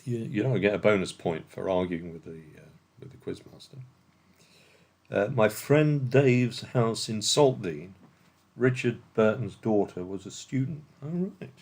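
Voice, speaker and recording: Low-voiced English quizmaster joking. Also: male voice, expressive, a little slow, darkish tone. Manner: playful, joking banter with players. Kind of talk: hosting an online quiz. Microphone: video call.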